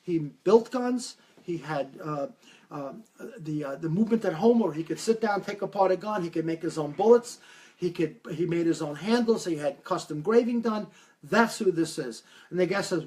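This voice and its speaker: A man giving a live-stream talk as a medium, taking viewer questions and telling stories with lively acted-out quotes. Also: high voice, normal speed. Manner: animated storytelling, acts out quoted voices.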